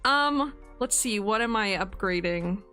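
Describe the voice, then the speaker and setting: A woman's voice: medium pitch, expressive, a little slow, pushed and bright, soft background music. A woman in her twenties, streaming casually and reading out birthday messages, giggling and getting emotional as she goes. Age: 20s. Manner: giggly and emotional, laughing often.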